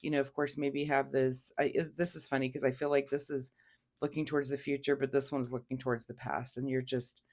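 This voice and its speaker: A woman's voice: very deep voice, level tone, brisk, darkish tone. A woman giving a casual weekly tarot reading, chatty, laughing often and talking through fillers and restarts. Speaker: tarot reader.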